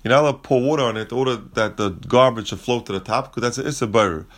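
A man's voice: medium pitch, fast. Man teaching Talmud in casual English. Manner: reads Aramaic phrases then explains them in casual English. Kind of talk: explaining a Talmud text.

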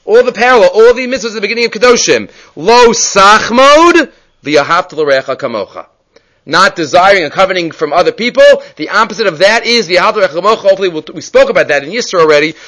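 Man, high-pitched, Torah teacher; earnest explainer moving between Hebrew quotes and English. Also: pushed and bright. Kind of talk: daily Torah class on the weekly portion.

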